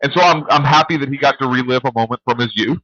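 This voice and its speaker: A man's voice: medium pitch, fast talker, sharp tone, dry recording, lo-fi sound. A man co-hosting a late-night radio talk show, chatting and teasing his partner in casual banter.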